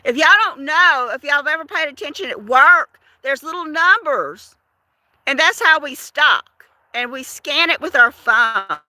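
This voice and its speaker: A woman chatting on a livestream, telling a story to viewers in an animated, talkative way. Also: high voice, measured pace, no echo. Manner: chatty, animated, repeats words for effect. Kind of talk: casual livestream chat, storytelling.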